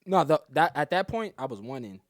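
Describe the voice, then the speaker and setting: A comedian guest on a podcast, this man has a slightly high voice and a brisk delivery, captured in a dry, clean studio recording. Telling a story in casual talk, he gets animated, performs other people's lines, and laughs frequently.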